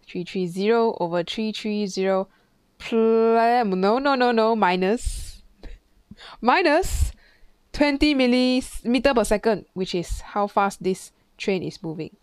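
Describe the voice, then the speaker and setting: A woman's voice: on the high side, lively intonation, slow, clean tone, dry recording, clean studio sound. A woman physics tutor, talking through an exam question in a chatty way, thinking aloud and imitating sounds. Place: classroom.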